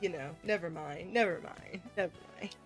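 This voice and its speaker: A woman's voice: lowish voice, moderate pace, soft background music. A woman streaming a visual novel, making giggly, self-deprecating asides between lines. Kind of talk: casual game stream commentary.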